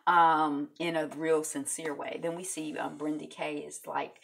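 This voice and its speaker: A woman hosting a casual video recap of a reality show, chatty and animated, with many fillers. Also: low voice, measured pace, vocal fry.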